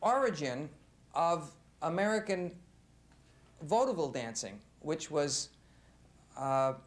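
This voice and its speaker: A man interviewing a dancer in a relaxed, halting way, often pausing and restarting his sentences. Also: a little high. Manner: halting, many fillers and restarts. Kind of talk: casual interview.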